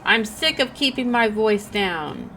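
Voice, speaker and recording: A woman voicing a bitter young actress who rants in loud, indignant outbursts. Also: mid-range voice, sing-song, measured pace, slight background noise, exaggerated voice. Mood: furious.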